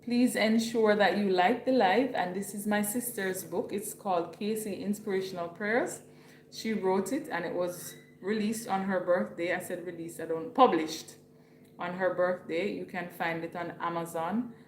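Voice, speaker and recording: A woman's voice: medium pitch, fairly even intonation, moderate pace, echoey room, slight background noise. A woman from Jamaica with a Jamaican accent, hosting a casual livestream at home and chatting with viewers while reading their comments aloud. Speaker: livestream host.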